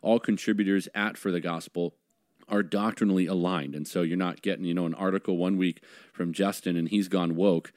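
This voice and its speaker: Earnest low-voiced male podcast host. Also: steady tone, a little fast, darkish tone, no room sound, clean studio sound. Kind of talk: podcast discussion.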